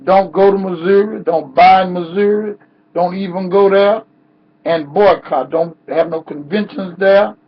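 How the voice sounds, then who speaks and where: Male activist speaker, high husky voice, unhurried preaching cadence, dull lo-fi sound. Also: fairly even intonation. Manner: preacher-like cadence, rising to cries. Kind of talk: impassioned protest speech.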